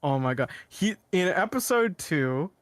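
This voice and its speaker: Excitable young man rambling in a dry room. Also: on the high side, measured pace, no room sound. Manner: excited, rambling retelling with laughs. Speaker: podcast co-host. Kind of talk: casual chat.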